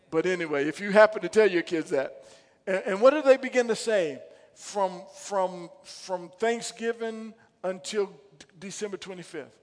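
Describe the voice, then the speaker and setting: A middle-aged male pastor preaching a sermon, swinging from quiet low asides to loud, emphatic repeated lines. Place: church sanctuary. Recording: long hall reverb.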